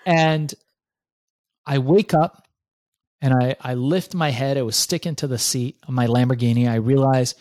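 A middle-aged man telling a lively story as an interview guest, acting out his own thoughts and swearing freely. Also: medium pitch, moderate pace, dry recording. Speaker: guest entrepreneur. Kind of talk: animated storytelling in conversation.

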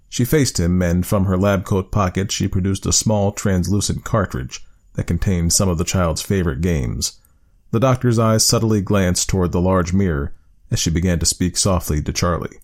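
A man narrating a story in a steady, measured audiobook style. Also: low voice.

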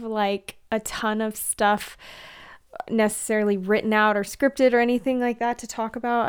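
A woman's voice: medium pitch, clear, resonant tone. A young woman hosting a podcast, talking casually and chattily with fillers and giggles, a bit out of breath. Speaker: podcast host. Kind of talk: casual solo podcast talk.

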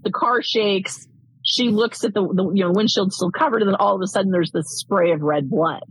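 A woman's voice: mid-range voice, a little fast, breathy edge, no echo, low-quality recording. A woman co-hosting a casual film-review chat, rambling and swearing, with lots of fillers. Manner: rambling, profane, many fillers.

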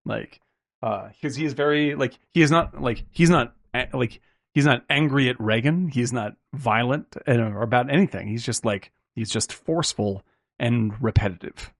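A man with a gravelly, creaky voice talks his way loosely through a film discussion, piling on fillers and tag questions. The recording is dry and close, with no room sound. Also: mid-range voice, normal speed, dry recording. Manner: rambling, many "like" and "right?" fillers, swears casually. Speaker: film podcast host.

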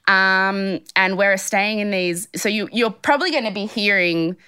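Bright, giggly woman podcast host. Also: mid-range voice, a little slow, clear, resonant tone. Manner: giggly, chatty, rambling. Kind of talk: casual chat. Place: safari tent in the bush.

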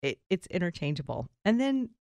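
A woman's voice: on the low side, a little fast, no echo. Southern woman hosting morning radio. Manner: animated and laughing, reads devotionals. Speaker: radio host.

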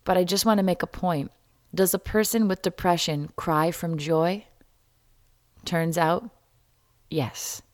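A woman hosting a solo podcast, talking candidly and wryly, jumping between loud jokes and quiet asides. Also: lowish voice, fairly even intonation, takes it slowly, long pauses, no room sound, studio quality. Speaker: podcast host.

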